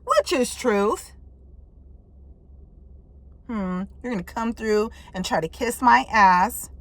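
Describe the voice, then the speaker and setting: A woman's voice: fairly high pitch, lively intonation, a little slow, no echo. A woman giving a casual tarot reading, talking bluntly and swearing freely for emphasis. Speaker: tarot reader.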